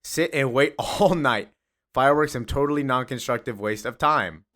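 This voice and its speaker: A man voicing a dim-witted male Bizarro superhero who talks in broken, backwards grammar and boasts loudly. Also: mid-range voice, normal speed, natural voice. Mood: commanding. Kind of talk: comic recap acting out quotes.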